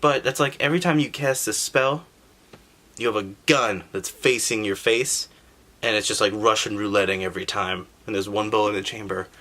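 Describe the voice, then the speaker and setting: A man's voice: fairly low pitch, normal speed. A man hosting a casual, sarcastic recap of an old video game story, joking and swearing as he goes. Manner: sarcastic, animated, profane. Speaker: gaming history channel host.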